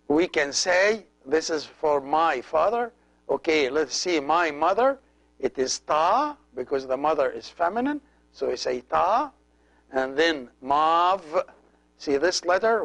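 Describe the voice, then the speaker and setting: Slow, careful man teaching a language. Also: fairly high pitch, low-quality recording. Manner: slow, careful, repeats each word for practice. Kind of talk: language lesson.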